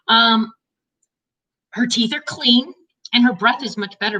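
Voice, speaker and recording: A woman's voice: a little high, slow, pauses often, bright, forceful tone, far from the mic, poor audio. A middle-aged woman chatting casually in a personal vlog, rambling through stories and talking to her dog. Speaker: vlogger.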